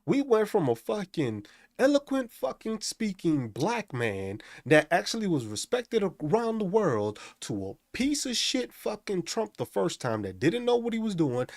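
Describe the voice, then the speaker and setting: A male live stream host rants with constant profanity, and his pitch swings widely as he gets worked up. His voice sits a bit high, and it sounds dry and close to the mic. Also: dry recording. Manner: profane, animated ranting. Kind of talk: casual live stream rant.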